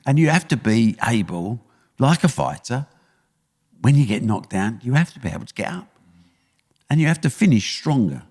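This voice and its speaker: Blunt older East London man, lively. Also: medium pitch, moderate pace, long pauses, in a large hall. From England. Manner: blunt, punchy storytelling. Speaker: guest, sports promoter. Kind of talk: podcast interview.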